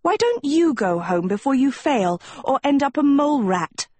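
A woman voicing a vain, preening teenage girl who would be princess, sweetly haughty and scornful, with a husky voice. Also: high-pitched, sing-song, a little slow, a little mellow, no room sound, pitched above the performer's own voice, full character voice.

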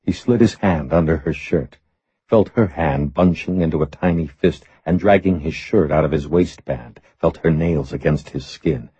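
A man narrating an audiobook in a measured, steady reading voice. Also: rumbling low, slightly rough, dry recording. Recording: slightly muffled recording.

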